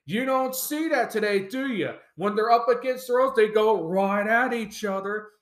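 A man's voice: high-pitched, normal speed, echoey room. A man hosting a podcast, reading a rules memo aloud and adding emphatic opinion commentary. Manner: emphatic, mock-shouting quoted wrestlers. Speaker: podcast host.

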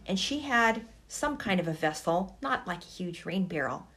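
A woman telling a personal story slowly and reflectively in an interview, with feeling. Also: fairly low pitch, animated, a bit bright. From United States. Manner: slow, reflective, emotional. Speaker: guest.

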